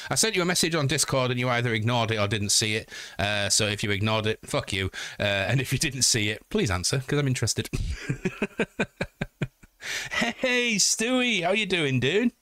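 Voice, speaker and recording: A jokey, foul-mouthed Yorkshire man chats on a live stream and reads out messages from his viewers. His voice sits fairly low, with a bright, forceful edge. The sound is close and dry. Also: smooth, dry recording. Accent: Yorkshire (Hull). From Yorkshire, England. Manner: joking, sweary, chatty. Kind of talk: casual live-stream chat, reading chat aloud.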